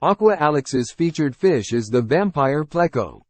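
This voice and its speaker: A man announcing an upcoming show episode in a lively promo style. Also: fairly high pitch, unhurried, no room sound.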